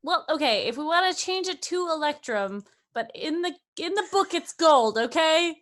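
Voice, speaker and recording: A woman's voice: sits high, expressive, moderate pace, fairly bright tone. Woman player thinking aloud. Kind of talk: casual tabletop game chat.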